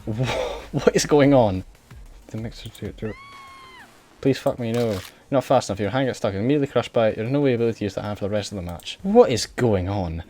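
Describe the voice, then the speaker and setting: A man playing through a video game, reading its text aloud and reacting in an excitable, sweary way. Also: lowish voice, a little fast, soft background music. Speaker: game streamer. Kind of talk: let's play commentary.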